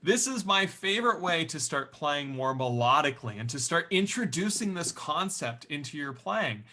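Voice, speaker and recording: A man's voice: on the high side, big pitch swings, normal speed, sharp tone. A man teaching an online ukulele lesson in an upbeat, encouraging and chatty way.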